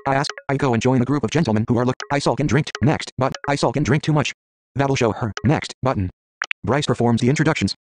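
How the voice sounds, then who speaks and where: A man's voice: mid-range voice, fast talker, background noise. A man reading an interactive story game aloud, stumbling, restarting, and muttering menu words between lines.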